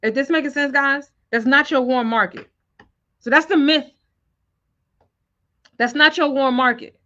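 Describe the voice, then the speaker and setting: A woman's voice: high voice, steady tone, a little slow, sharp tone, lo-fi sound. A woman sales coach talking on a live stream, often stopping to ask viewers whether it makes sense. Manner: keeps checking in with viewers.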